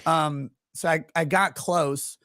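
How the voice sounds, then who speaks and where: A man's voice: fairly high pitch, fairly even intonation, takes it slowly, pushed and bright, no room sound, clean studio sound. A man who is a guest on a casual stream chat, laid-back and self-mocking.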